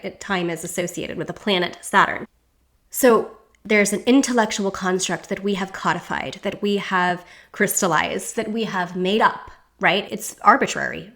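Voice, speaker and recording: A woman's voice: medium pitch, fairly bright tone. A woman hosting an astrology show, musing aloud in a reflective, circling way with frequent rhetorical checks. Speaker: astrology podcast host. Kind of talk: reflective podcast monologue.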